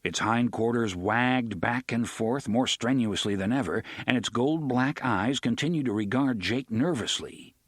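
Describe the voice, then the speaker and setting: Narrating an audiobook, this man's mid-range voice stays even and measured. It's studio-quality audio without any room sound.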